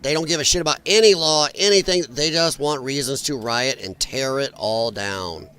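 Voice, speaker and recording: A livestream commentator with a mid-range, bright, forceful voice speaks smoothly at normal speed. He reacts to protest footage bluntly, mockingly and profanely, rambling and frequently restarting his sentences.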